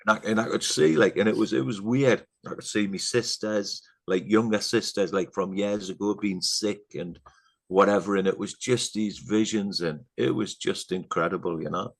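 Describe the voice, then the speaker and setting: Telling a story as a guest on a podcast, a middle-aged English man speaks at normal speed in a lowish voice with fairly even intonation. His chat meanders with fillers and asides, often dropping into a quiet, earnest tone.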